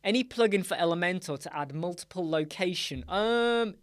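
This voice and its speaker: A man hosting a casual live-stream chat show, answering viewers in an animated, chatty way with many fillers and asides. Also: sits high, normal speed, dry recording, studio quality. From United Kingdom. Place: small dark room with sound panels.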